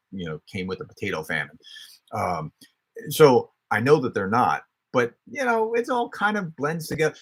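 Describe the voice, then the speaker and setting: A man with a somewhat low, husky voice talks through viewer questions in a relaxed, unscripted way. He explains as he goes, often restarting sentences while he works out his point. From United States. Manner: conversational, explanatory, frequent restarts. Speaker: host answering viewer questions. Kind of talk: casual livestream Q&A, thinking aloud.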